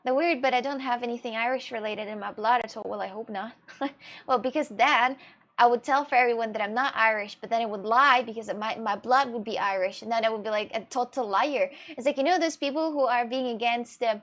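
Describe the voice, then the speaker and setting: With a voice on the high side, the Russian streamer talks casually through her viewers' questions in a Russian accent. Her answers ramble expressively, full of laughs and curses.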